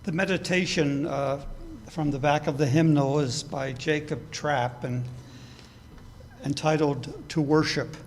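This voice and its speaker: A man minister leading a church service, reading a meditation in a slow, measured way. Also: on the high side. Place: church sanctuary. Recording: long reverb of a hall.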